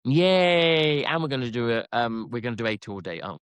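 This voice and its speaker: A man's voice: medium pitch, animated, very fast, fairly bright tone, smooth, no echo. A man co-hosting a podcast in casual chat, chatty and hesitant with frequent restarts. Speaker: podcast co-host.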